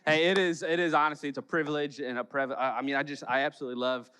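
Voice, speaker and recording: A pastor from Chicago preaching a sermon in church, telling stories with jokes and playful acted quotes. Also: male voice, a little high, flat delivery, racing, pushed and bright, clear, resonant tone, long reverb tail. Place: church sanctuary.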